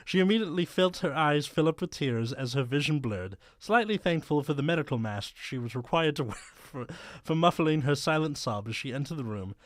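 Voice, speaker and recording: A man's voice: on the high side, no room sound. Man, podcast host, comic dramatic reading, stumbles and laughs, dry close sound. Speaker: podcast host reading fan fiction aloud. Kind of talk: comedic dramatic reading with banter.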